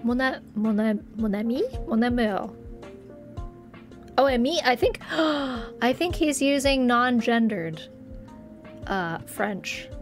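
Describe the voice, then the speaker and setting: A woman's voice: a little high, animated, slow, long pauses, over music. A young woman streaming a game, reading its text aloud and reacting emotionally, at times tearful.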